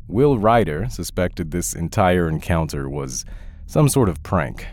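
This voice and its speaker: A man narrating a horror story in a measured, storytelling way. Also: sits low, big pitch swings, darkish tone. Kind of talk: scripted audiobook narration.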